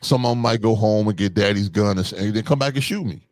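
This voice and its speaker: A man's voice: lowish voice, fast talker, a little mellow. Blunt, profane man telling stories. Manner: blunt, profane storytelling with acted-out quotes. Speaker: podcast co-host. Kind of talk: casual chat.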